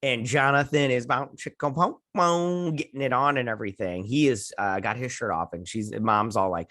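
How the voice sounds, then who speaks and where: A man talks through an episode recap in a loose, rambling way, jumping into characters' voices for quick quotes and tossing in the odd swear word. His voice sits in a middle pitch, and the recording is dry and close with no room sound. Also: pushed and bright, no room sound. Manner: swears casually. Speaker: host. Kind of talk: casual recap and review.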